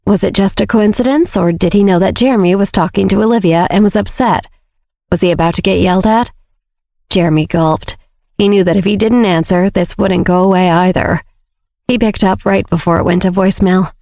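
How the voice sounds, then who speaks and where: A woman's voice: medium pitch, brisk, gravelly, a little mellow, no room sound, studio quality. Woman narrating a romance audiobook. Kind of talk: scripted narration.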